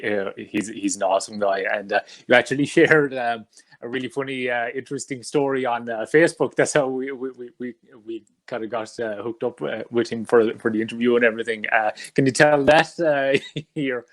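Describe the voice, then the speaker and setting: Male podcast host, halting, lots of uhs, mid-pitched, casual. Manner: halting, filler-heavy questions. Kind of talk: casual interview.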